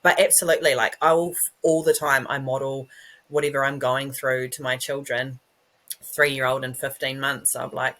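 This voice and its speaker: A woman's voice: extremely low pitch, level tone, moderate pace, a bit bright, low-quality recording. A woman in her thirties hosting a podcast interview, chatty and affirming as she reflects. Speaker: podcast host. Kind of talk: casual interview chat.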